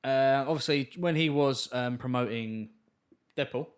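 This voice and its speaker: A man's voice: mid-range voice, measured pace. A man co-hosting a movie review podcast, rambling and stumbling over his words in casual chat. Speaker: podcast co-host.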